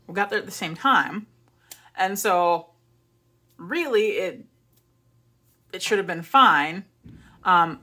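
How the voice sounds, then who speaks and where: A woman's voice: medium pitch, pushed and bright. A young woman vlogger chatting casually to camera, telling stories and acting out her own flustered apologies. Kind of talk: casual chat.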